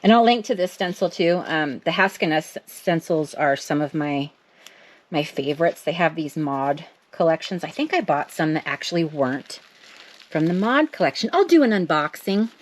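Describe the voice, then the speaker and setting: A woman's voice: sits low, lively intonation, normal speed. A middle-aged woman, chatting casually and joking at her own expense as she makes art. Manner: chatty, self-deprecating, talks to herself while working. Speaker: craft vlogger. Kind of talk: casual chat while making art.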